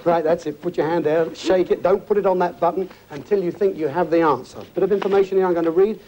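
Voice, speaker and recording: A man's voice: high-pitched, steady tone, quick pace, mellow, muffled recording, slight background noise. A man hosting a TV game show, chatty, jokey and encouraging with the contestants. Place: TV studio before an audience.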